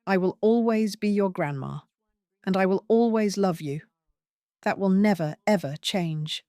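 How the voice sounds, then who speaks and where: A woman's voice: mid-range voice, measured pace, mellow, smooth, dry recording, studio quality, close to an everyday voice. Woman voicing a hurt, firm older mother. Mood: tender. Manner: pointed, firm questioning.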